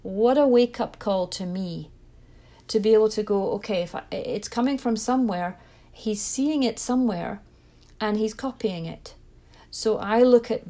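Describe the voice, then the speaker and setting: Earnest woman giving parenting advice, mellow voice. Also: medium pitch. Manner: earnest, reflective, with small restarts. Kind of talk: direct-to-camera parenting talk.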